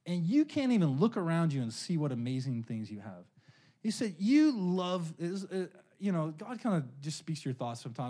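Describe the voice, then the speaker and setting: A middle-aged pastor from California preaches in a loose, conversational style, leaning on personal stories and checking in with the congregation with frequent "right?". His voice sits a little high for a man, with a darkish tone and wide pitch swings.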